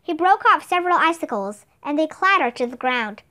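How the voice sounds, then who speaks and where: A woman's voice: high voice, a little fast. A woman reading a children's chapter book aloud, narrating expressively. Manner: expressive, animated storytelling. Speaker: reader. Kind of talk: audiobook narration.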